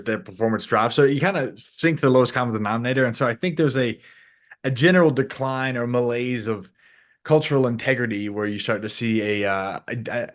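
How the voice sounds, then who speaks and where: A man who works as a coach, a guest on a podcast, rambling in casual chat and acting out the voices of people he quotes. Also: medium pitch.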